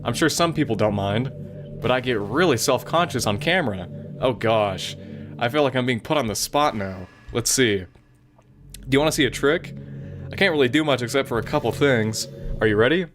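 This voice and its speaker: A man reading aloud the lines of a sweet, possessive young female club president, gentle and self-conscious, later pleading. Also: medium pitch, expressive, moderate pace, soft background music, natural voice. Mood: shy sweet. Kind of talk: reading game dialogue aloud.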